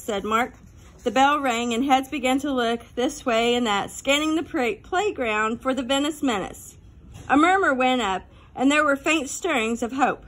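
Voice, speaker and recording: A woman narrates a children's novel in a clear, even reading voice. Her pitch sits high for a woman. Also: unhurried. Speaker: audiobook narrator. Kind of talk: storybook narration.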